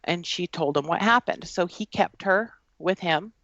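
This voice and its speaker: A woman with a fairly low voice, sharing a personal story on a podcast. She speaks earnestly and haltingly, with plenty of fillers. The recording is dry and a little muffled. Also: a bit bright, no room sound. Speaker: guest.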